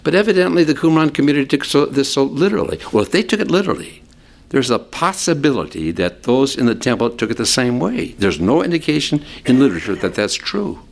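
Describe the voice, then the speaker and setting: A man preaching a sermon with a lively, swooping delivery that climbs high when he stresses a point. He talks his listeners through scripture like a teacher, dropping in casual asides along the way. His voice sits at an ordinary middle pitch. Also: fast talker, gravelly. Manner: conversational, explains scripture with asides; animated, sweeping pitch for emphasis. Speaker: pastor. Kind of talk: expository sermon.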